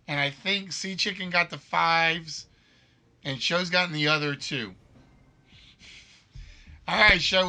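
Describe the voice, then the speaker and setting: A man hosting a live-streamed quiz game, reading questions slowly and repeatedly and teasing the players and chat playfully. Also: fairly high pitch, bright, forceful tone. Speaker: game show host.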